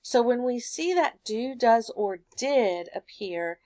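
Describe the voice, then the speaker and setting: A woman's voice: on the high side, lively intonation, takes it slowly, warm tone, no echo. A woman teaching a recorded grammar lesson, patiently explaining step by step with everyday examples.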